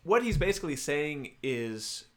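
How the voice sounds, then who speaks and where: A man's voice: fairly high pitch, big pitch swings, unhurried. A man co-hosting a podcast, chatting casually about a spy novel with a self-mocking, easygoing manner. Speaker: podcast co-host. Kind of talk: casual book discussion.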